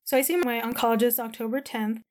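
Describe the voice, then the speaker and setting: A woman's voice: fairly high pitch, fairly even intonation, quick pace. A woman casually telling a personal story to camera, retelling conversations and talking with lots of "like" fillers.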